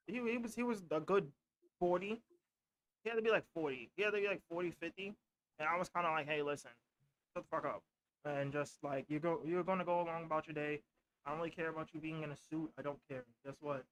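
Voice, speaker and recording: A man's voice: on the high side, fairly quick, pauses often, a bit bright, low-quality recording. A young man co-hosting a podcast, telling a story in loose casual chat and acting out what people said. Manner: loose storytelling, acts out quotes. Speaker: podcast co-host.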